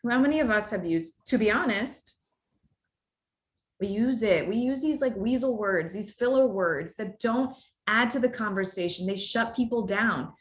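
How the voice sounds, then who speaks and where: A woman giving a live workshop to an audience in a room, talking in an animated, conversational way and addressing the audience directly. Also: medium pitch, normal speed. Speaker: workshop speaker. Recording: roomy echo.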